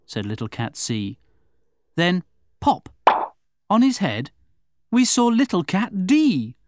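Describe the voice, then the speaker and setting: Expressive woman reading a children's rhyme. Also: fairly low pitch, slow, pauses often, dry recording. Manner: expressive, rhythmic. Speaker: storyteller. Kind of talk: reading a children's story aloud.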